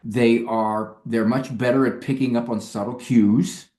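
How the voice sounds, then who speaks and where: Animated man telling stories in a roomy space. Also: medium pitch, unhurried. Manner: animated storyteller acting out parents and couples. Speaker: psychologist guest. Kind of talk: casual interview chat.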